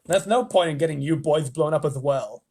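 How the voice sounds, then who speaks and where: Man putting on a smug storybook president, gleeful and theatrical, husky edge. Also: a little high, normal speed, a little mellow. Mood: commanding. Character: boastful self-satisfied male president.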